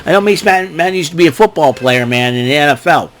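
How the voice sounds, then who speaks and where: A man's voice: fairly high pitch, fast talker, slight background noise. A man giving a casual, rambling wrestling recap and often laughing at his own jokes. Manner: animated, rambling, laughs a lot. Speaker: wrestling show reviewer.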